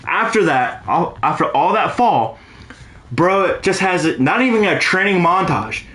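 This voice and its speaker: A young man co-hosting a casual podcast rants animatedly and swears freely. His voice sits high and is a bit bright, with a roomy sound.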